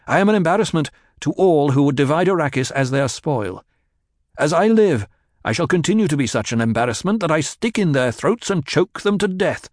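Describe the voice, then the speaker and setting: A man reading an audiobook voices a young male duke heir, commanding and imperious, in a raised, forceful tone. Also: fairly high pitch, sing-song, fairly quick, dry recording, studio quality, voice pushed up.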